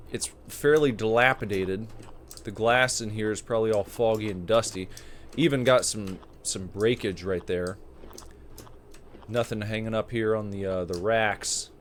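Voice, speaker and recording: Slow, musing man narrating a game. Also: on the low side, a little hiss or hum. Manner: slow, musing, describes what is on screen with many fillers. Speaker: gameplay commentator. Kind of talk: game playthrough commentary.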